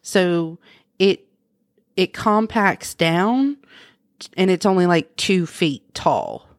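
A woman co-host in casual chat, chatty and quick to laugh. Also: on the low side, lively intonation, no room sound, clean studio sound.

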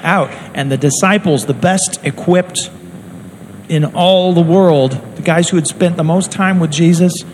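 An earnest male preacher delivers a sermon in a chatty, conversational way and slips into little acted quotes. His voice sits somewhat high for a man. A faint background noise runs under the recording. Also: a little mellow, poor audio.

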